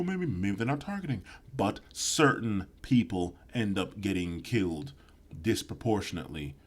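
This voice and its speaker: A man giving sarcastic reaction commentary, rambling and swearing with mock-apologetic asides. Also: sits low. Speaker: video commentator.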